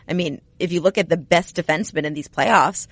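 A woman co-hosting a hockey podcast, chatting casually and telling stories with lively energy. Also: lowish voice, fairly quick, no room sound. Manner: chatty, animated storyteller. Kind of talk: casual sports chat.

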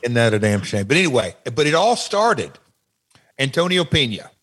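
A man's voice: medium pitch, very animated, moderate pace, a bit bright, slightly rough. A man speaking as a podcast guest, telling stories in a rambling way with many repeats and restarts. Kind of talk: casual interview chat.

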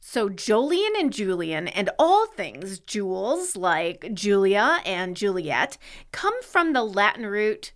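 A woman co-hosting a podcast, talking in a relaxed, chatty way. Her voice rises and falls a lot, and she takes her time. She laughs now and then as she explains things. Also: medium pitch, slow pace. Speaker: podcast co-host. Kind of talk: casual podcast chat.

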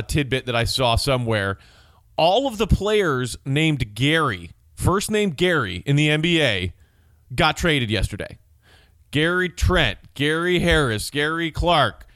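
A man hosting a solo sports podcast, chatting casually and excitably and reading listener texts aloud. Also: a little high, no room sound. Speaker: podcast host.

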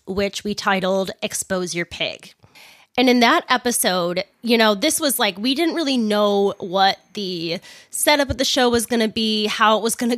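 A young woman tells a story on her podcast in a loose, chatty way, swearing freely and laughing now and then. Her upper lip is sore and swollen, so she talks without moving it much. Her voice sits at a middle pitch, and the recording is dry and close. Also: fairly bright tone, dry recording. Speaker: podcast host. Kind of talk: casual storytelling monologue.

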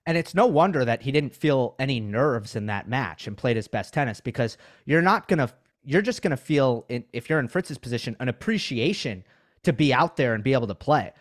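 A man's voice: medium pitch, expressive, fairly quick. A man co-hosting a sports recap podcast, chatting casually in an emphatic, teasing way. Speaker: podcast co-host. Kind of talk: casual chat.

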